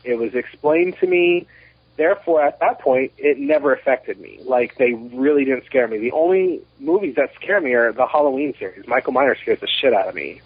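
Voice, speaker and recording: A man in his thirties, a documentary producer, chatting as a podcast guest and telling animated, rambling stories with many restarts. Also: medium pitch, normal speed, breathy edge, no echo. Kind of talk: casual interview chat. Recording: muffled lo-fi podcast audio.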